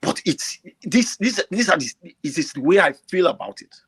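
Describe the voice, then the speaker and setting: A man calling in to a talk show, speaking with emotion, repeating himself and rising to near shouts. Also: on the high side, very animated, normal speed, slightly rough. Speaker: caller. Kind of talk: impassioned call-in commentary.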